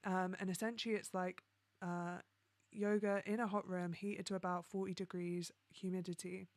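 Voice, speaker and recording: A woman's voice: on the low side, flat delivery, moderate pace, a little mellow, no echo. Young woman, livestream host, casual chatty delivery, dry close sound. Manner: chatty, reading out viewer comments, frequent ums and likes.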